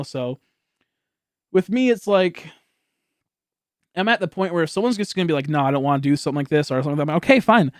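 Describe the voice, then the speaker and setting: A man's voice: a little high, no room sound, studio quality. A young man streaming, telling a story in a rambling, casual way with lots of swearing and laughter. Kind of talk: casual livestream chat.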